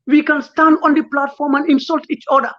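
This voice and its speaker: A man's voice: very high-pitched, little pitch movement, brisk. Impassioned man, dull lo-fi sound. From Gambia. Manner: emotional, pleading, rhetorical questions. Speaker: lawyer and political guest. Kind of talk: impassioned interview talk.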